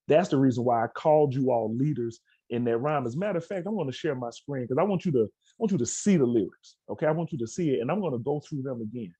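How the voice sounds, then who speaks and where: A man's voice: mid-range voice, fast, few pauses, warm tone, slightly rough, no room sound, dull audio. A man giving a motivational talk to students over a video call, telling a story and acting out the quoted dialogue. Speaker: keynote speaker. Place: indoors at an outdoor education center.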